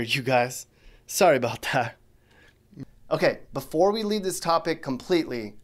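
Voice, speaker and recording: A man hosting a YouTube video, narrating from a script with playful, teasing asides. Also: on the high side. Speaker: YouTube host.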